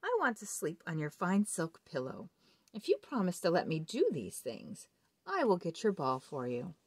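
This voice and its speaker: A woman voicing a small, ugly, persistent male frog in a children's storybook read-aloud, in a high wheedling voice. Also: wildly swooping pitch, moderate pace, slightly rough, dry recording, studio quality, exaggerated voice. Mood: coaxing.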